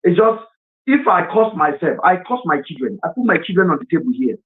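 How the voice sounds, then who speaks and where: Nigerian male live-stream host, high-pitched, earnest, heard through a phone-like line. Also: very animated, brisk. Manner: earnest and impassioned, mixes in Pidgin. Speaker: livestream host. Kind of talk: emotional live-stream talk. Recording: tinny phone-line sound.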